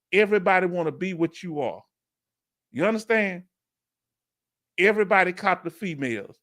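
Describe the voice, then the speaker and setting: Southern Houston man, slangy and animated. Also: high-pitched. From Houston, Texas. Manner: reads viewer comments aloud, slangy and animated. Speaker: veteran livestream host. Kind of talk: casual livestream Q&A.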